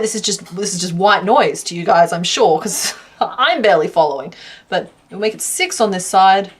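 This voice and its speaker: A woman chatting casually to her stream from home while she crochets, laughing often and counting stitches out loud. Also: mid-range voice. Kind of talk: casual livestream chat.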